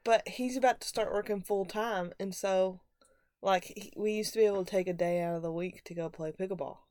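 A woman's voice: mid-range voice, fairly even intonation, fairly quick, darkish tone, dry recording, studio quality. A young woman chatting casually as a podcast co-host, easygoing, laughing along and chiming in. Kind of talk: casual chat.

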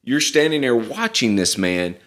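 A man preaching a sermon, reading scripture aloud and retelling it in casual, animated speech. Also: mid-range voice, normal speed.

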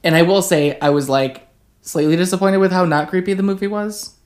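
A woman's voice: on the low side, steady tone, a little fast, darkish tone. A woman co-hosting a podcast, chatting enthusiastically about movies with emphatic agreement. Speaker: podcast co-host. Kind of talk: casual movie chat.

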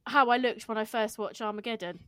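A woman's voice: on the high side, a little fast, bright, forceful tone, clear, resonant tone, no room sound, studio quality. A woman, chatting frankly with her sister, swearing casually and acting out the people she quotes. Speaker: podcast co-host, sister. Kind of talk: casual chat.

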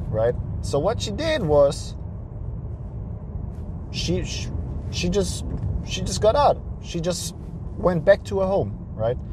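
A man's voice: on the high side, background noise. Profane, preachy man talking to camera outdoors. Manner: profane, preachy, repeats himself for emphasis. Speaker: dating advice vlogger. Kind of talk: blunt advice monologue to camera.

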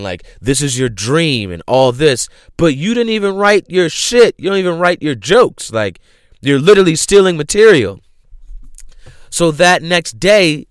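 A young man casually retelling a show's plot, animated, acting out the characters' lines with lots of slang and swearing. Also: medium pitch, clean tone, no echo, studio quality.

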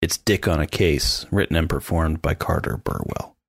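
A man co-hosting a podcast in casual chat, animated and mimicking sounds as he describes scenes. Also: rumbling low, moderate pace, creaky, no echo, studio quality. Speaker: podcast co-host.

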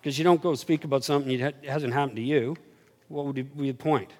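A man preaching a sermon, telling stories animatedly and swinging from low murmurs to excited highs. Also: a little fast. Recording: reverberant hall.

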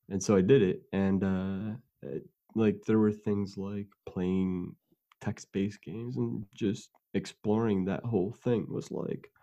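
A man's voice: fairly low pitch, fairly even intonation, slow, dark tone, highs cut off. A man in casual conversation, telling long rambling stories with fillers and laughs.

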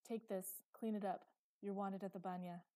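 A woman's voice: mid-range voice, fairly even intonation, normal speed, dark tone, lightly acted. A woman voicing a brutal male tavern keeper who barks harshly and with contempt at a child. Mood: contemptuous.

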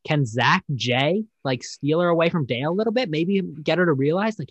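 A man's voice: a little high, animated, fairly quick, no echo, rough recording. Rambling, profane young man. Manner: rambling, profane, acts out quotes in mocking voices. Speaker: podcast host. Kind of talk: casual chat recapping a dating show.

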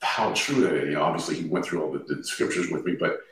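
A man's voice: sits low, animated, fast, a bit bright. A man, a podcast guest, earnestly sharing his faith and quoting scripture freely in conversation. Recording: echoey, distant from the mic.

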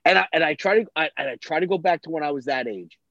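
A man's voice: a little high, lively intonation, fast, creaky, a crowd in the background. A man in casual chat, ranting bluntly and swearing freely about his kids and his cooking. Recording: dull lo-fi, dry.

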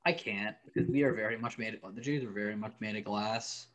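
A man's voice: lowish voice, brisk, a bit bright. A man co-hosting a sports podcast, chatting in a wry, offhand way with plenty of likes and ums. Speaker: podcast co-host. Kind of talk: casual sports podcast chat.

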